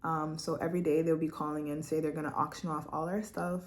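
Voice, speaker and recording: Young woman vlogger from Quebec, slightly low voice, candid heartfelt testimony at a home laptop. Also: flat delivery, quick pace. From Quebec, Canada. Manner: candid, heartfelt, chatty, often laughing. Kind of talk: personal testimony vlog.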